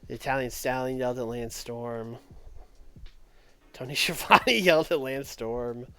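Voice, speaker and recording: A man's voice: medium pitch, a little slow, sharp tone, smooth. A man casually talking through a strategy game on a livestream, thinking aloud and addressing his chat. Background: faint background music.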